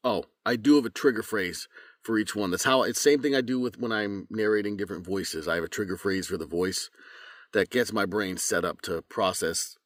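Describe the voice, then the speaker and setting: A man's voice: lowish voice, moderate pace, dry recording, clean studio sound. A young man, a voice actor, talking casually and a little rambling, with plenty of fillers. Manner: relaxed, rambling, many fillers. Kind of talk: casual vlog talk.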